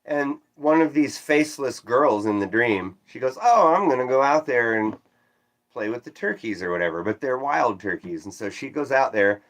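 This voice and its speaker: A man livestreaming, casually recounting a strange dream and reading chat, with animated swoops up when quoting himself and self-deprecating asides. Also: medium pitch, normal speed. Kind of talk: casual rambling storytelling, reading chat aloud.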